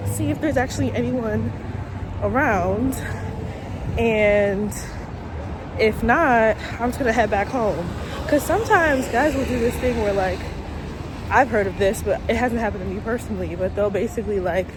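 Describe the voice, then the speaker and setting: A woman's voice: fairly high pitch, noisy background. A young woman talking candidly and gossipily in a casual vlog, swearing freely. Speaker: vlogger.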